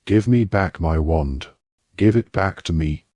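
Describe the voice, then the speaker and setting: A fierce, shrill-tempered teenage witch, as a man reads her in a low, deep voice. She scolds in sharp, loud bursts. The sound is dry and close. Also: a little slow, slightly rough, no echo. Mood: furious.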